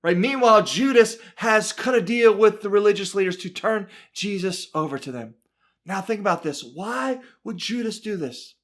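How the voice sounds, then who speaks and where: A man's voice: sits high, normal speed. A man teaching a Bible study from the pulpit, reading scripture with dramatic emphasis and constantly checking in with "right?". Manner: animated, keeps adding "right?", reads scripture with dramatic emphasis. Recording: church broadcast.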